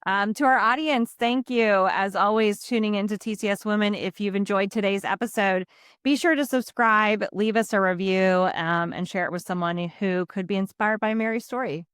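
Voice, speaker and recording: A woman hosting a podcast in casual chat, talking warmly and loosely with many fillers. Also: medium pitch, moderate pace, clean tone, no room sound, clean studio sound. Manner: chatty, many fillers and you-knows. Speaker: podcast host.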